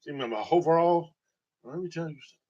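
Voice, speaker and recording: Talking fast in a fairly high voice with a dark tone, a storytelling vlogger from Tennessee, USA rambles through comic stories and laughs at his own jokes. The recording is dull and lo-fi.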